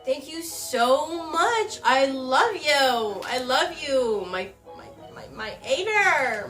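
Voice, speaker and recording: A woman's voice: high-pitched, animated, slow, hardly any pauses, bright, forceful tone, soft background music. A young woman YouTuber gushing and giggling as she unboxes a gift on camera at home. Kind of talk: casual emotional unboxing chat. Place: home recording with someone filming. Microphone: camera mic, person filmed by someone else.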